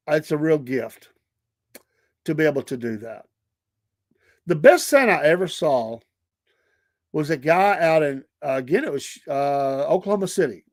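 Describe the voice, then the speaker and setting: A middle-aged man with a Southern drawl spins stories in a relaxed, chatty way, often breaking into laughter and little acted voices. His voice sits a bit high for a man. The sound is dry and close to the mic. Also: dry recording. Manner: animated, laughing storyteller who acts out quoted voices. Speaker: podcast host. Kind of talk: casual storytelling chat.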